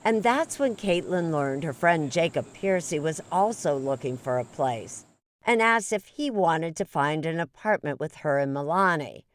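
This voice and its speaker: A woman correspondent narrating a true-crime report and asking interview questions in a measured, deliberate way. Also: low voice, expressive, no echo.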